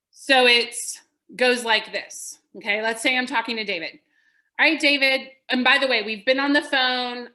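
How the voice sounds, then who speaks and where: A woman coaching real estate agents in a webinar, telling stories with lively emphasis. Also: on the high side. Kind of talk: webinar teaching. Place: home office. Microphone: video call.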